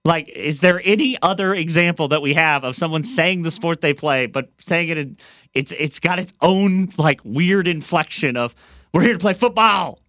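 A man's voice: fairly high pitch, normal speed, a bit bright, dry recording. Young man from Tennessee and Missouri, rambling radio producer, dry close mic. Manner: rambling, hesitant, self-interrupting. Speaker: radio show producer asking questions. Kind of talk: casual sports radio banter. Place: radio studio. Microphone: studio mic.

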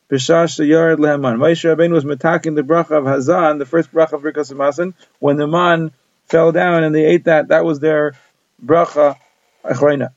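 Gravelly man teaching a Talmud page. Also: fairly high pitch, darkish tone, no echo. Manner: reads Hebrew-Aramaic text then translates line by line. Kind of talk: daily page Talmud class. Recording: dull lo-fi dry recording.

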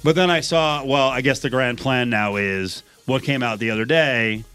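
A man hosting a radio show, chatting in a lively, excitable way. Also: mid-range voice, clean tone. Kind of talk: casual chat.

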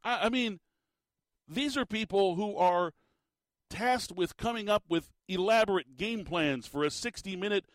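An exasperated man delivers a ranting sports commentary, piling up emphatic rhetorical questions. His voice sits a little high for a man. The recording is dry, with no room sound. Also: dry recording.

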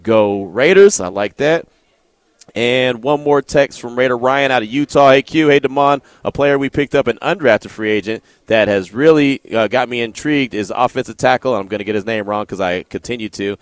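A man hosting sports talk radio in a relaxed, conversational way. His voice is mid-pitched and sounds dry and close, with no room echo. He reads listener texts aloud and talks them over. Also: normal speed, smooth.

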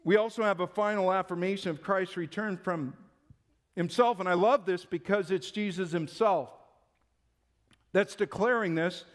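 A man's voice: high-pitched, moderate pace. A male pastor preaching a Sunday-morning sermon in an emphatic, conversational way.

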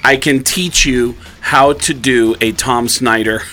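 A man co-hosting a morning radio show, telling stories and acting out the quoted lines with big loud jumps in voice. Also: medium pitch, fairly even intonation, slow pace, faint music behind. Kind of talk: animated storytelling on morning radio.

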